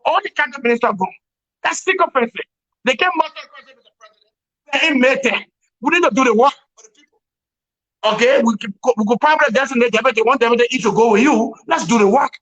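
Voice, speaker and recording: A man's voice: very high voice, pushed and bright. A man giving emphatic political commentary over a remote call, repeating words and laughing wryly. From Liberia. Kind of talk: opinionated commentary on a talk show. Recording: dull lo-fi call audio.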